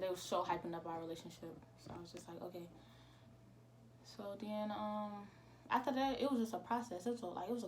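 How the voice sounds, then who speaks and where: A teenage girl, casually telling a storytime vlog with lots of quoted dialogue. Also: lowish voice. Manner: animated retelling with quoted dialogue. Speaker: vlogger.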